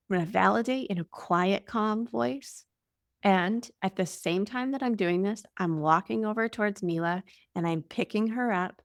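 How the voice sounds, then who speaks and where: A woman's voice: medium pitch, no room sound. Casual young woman, dry close sound. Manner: casual, warm explaining with frequent "like" fillers. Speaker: parenting guest. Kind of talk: conversational interview answer.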